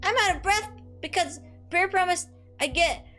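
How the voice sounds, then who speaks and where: A woman's voice: very high voice, moderate pace, bright, forceful tone, faint music behind, voice pushed up. A woman voicing a breathless, cheeky little street kid in a video game, eager and insistent. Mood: pleading.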